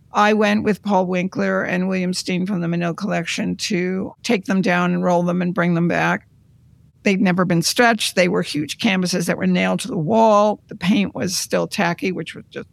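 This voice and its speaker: Art conservator, interview storytelling, gravelly low rasp, dry close sound, measured and reflective. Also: no room sound. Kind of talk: recounting career in an interview.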